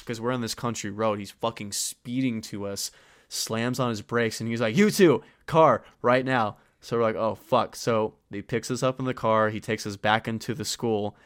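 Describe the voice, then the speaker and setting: Low, smooth-voiced young man telling stories. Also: dry recording, studio quality. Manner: profane, rambling, animated when retelling. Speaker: podcast co-host. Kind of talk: casual storytelling chat.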